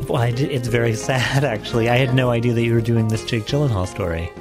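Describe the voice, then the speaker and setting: A man's voice: mid-range voice, fast talker, over music. A man being interviewed, casually and somewhat hesitantly recounting what he saw.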